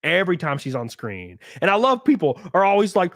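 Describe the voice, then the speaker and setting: A man's voice: high voice, brisk, no room sound, studio quality. A man with an Alabama accent, stuffy from a runny nose, ranting in a casual, profane way on his livestream. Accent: Southern US, Alabama. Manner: animated, profane, mocking. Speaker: streamer host.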